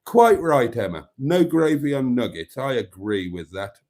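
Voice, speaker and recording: A man's voice: medium pitch, sing-song, measured pace, a little mellow. Chatty man hosting a live stream. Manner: chatty, reads viewer comments aloud and greets them. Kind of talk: casual live stream chat reading comments.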